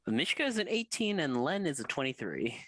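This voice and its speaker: A woman's voice: low voice, very animated, a little fast, fairly bright tone. A woman player in a tabletop game, talking in a casual, offhand way.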